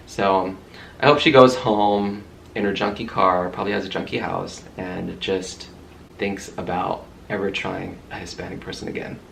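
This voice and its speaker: A man's voice: low-pitched, creaky, a bit bright, a little hiss or hum. A man vlogger telling a story to camera in a heated, profane way.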